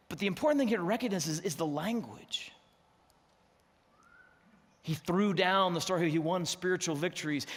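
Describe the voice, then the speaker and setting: Animated middle-aged preacher in a reverberant church. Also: male voice, on the high side. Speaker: pastor. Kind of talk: sermon. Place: church sanctuary. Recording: long reverb of a church hall.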